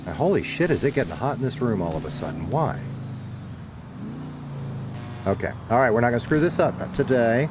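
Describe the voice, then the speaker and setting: A man's voice: medium pitch, very animated, moderate pace, long pauses, background noise. A laid-back man with a Southern American accent, rambling casually to his stream chat, swearing now and then. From Southern United States. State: dehydrated.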